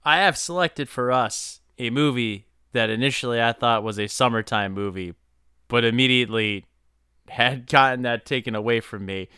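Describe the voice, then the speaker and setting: A man co-hosting a casual podcast, with hesitant restarts and energy that starts high and quickly drops off. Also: sharp tone, clear, resonant tone, dry recording, clean studio sound. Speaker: podcast co-host. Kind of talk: casual chat.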